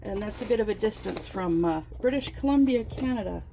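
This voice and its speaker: A woman chatting casually while unboxing craft kits in her trailer home, gasping and gushing with excitement over each item. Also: mid-range voice, a little fast, vocal fry, background noise. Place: inside her fifth-wheel trailer home.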